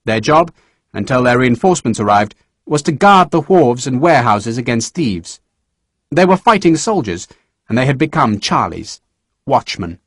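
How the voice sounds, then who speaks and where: A man narrating a historical novel audiobook in a measured storytelling manner. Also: medium pitch, dry recording, studio quality. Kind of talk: scripted narration.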